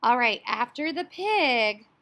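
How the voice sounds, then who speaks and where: A woman teaching a story sequencing lesson to young children, speaking in an animated, child-directed way and now and then imitating animal sounds. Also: fairly high pitch, slow.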